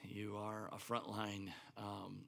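Gravelly, bright-toned male pastor. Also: fairly low pitch, monotone, takes it slowly. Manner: loose, conversational, many fillers. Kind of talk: casual pulpit remarks.

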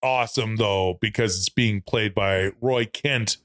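A man's voice: lowish voice, unhurried, a bit bright, no echo, clean studio sound. A man co-hosting a podcast, chatting casually about a movie, laughing often and acting out anecdotes. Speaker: podcast co-host. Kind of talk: casual movie review chat.

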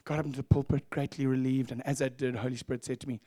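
A man preaching a sermon as pastor, telling stories in an animated way and acting out voices. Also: medium pitch, quick pace, hardly any pauses, dry recording. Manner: animated, acts out voices, laughs at own stories. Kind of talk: sermon storytelling.

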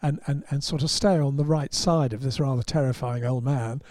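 Man telling a story, dark-toned. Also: medium pitch, fairly quick, no room sound, studio quality. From England. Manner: animated raconteur, chuckling through his punchlines. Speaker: podcast host and motoring journalist. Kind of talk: anecdotal storytelling.

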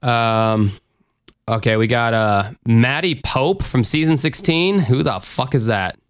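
A man's voice: medium pitch, unhurried, clean tone, no echo, studio quality. A man hosting a podcast in casual chat, rambling and swearing freely, with lots of fillers. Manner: rambling, profane, full of fillers. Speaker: podcast host.

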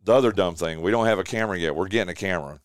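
Man, radio host, rambling casual chat, somewhat low voice, smooth tone. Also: racing, no echo, clean studio sound. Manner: rambling storyteller, many fillers and restarts. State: recovering from bronchitis. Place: home studio.

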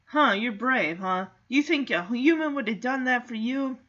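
A woman's voice: fairly high pitch, moderate pace, a bit bright. A woman voicing a scornful male stray dog who leads a gang and distrusts humans, on a dull lo-fi recording.

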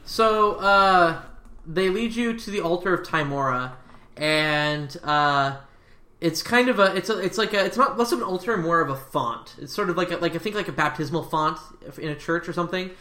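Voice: medium pitch, animated, normal speed, sharp tone, roomy sound. A game master narrating a tabletop game in a rambling, hesitant way, with many fillers.

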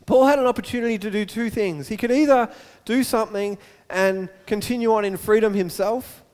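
Male preacher, high voice, animated storytelling, echoey hall. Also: a little fast. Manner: storytelling, animated, repeats words. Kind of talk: sermon.

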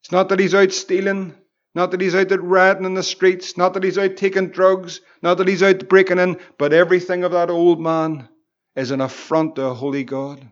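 A Northern Irish man, a pastor, preaching a Bible study with fervent exclamations and slow, emphatic repetitions. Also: high-pitched, level tone, highs cut off.

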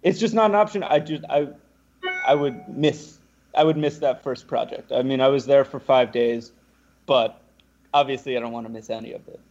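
A young man, a podcast guest, telling a lively anecdote and acting out what the other people said. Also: medium pitch, brisk, lo-fi sound. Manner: animated, acts out the other people's lines. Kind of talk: casual storytelling.

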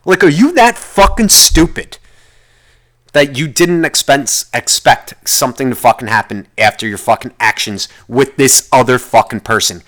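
A man's voice: mid-range voice, normal speed, a bit bright. A man hosting a solo podcast, ranting in a rambling way and swearing constantly as he vents. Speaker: podcast host. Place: lives in the United States.

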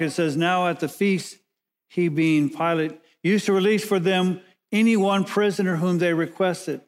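A man preaching a sermon as pastor, measured and emphatic, slowing down and pausing to stress key words. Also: high voice, fairly even intonation.

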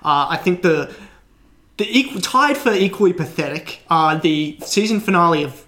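A podcast co-host from Australia, a man with a slightly raised pitch. He rambles through long anecdotes in casual chat, restarting sentences and piling up fillers. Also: animated, normal speed, sharp tone.

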